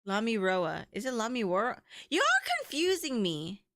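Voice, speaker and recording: Giggly, lively-voiced woman streamer. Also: medium pitch, a little slow, no echo, clean studio sound. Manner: giggly, playful, chatting with viewers. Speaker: game streamer. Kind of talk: casual livestream chat.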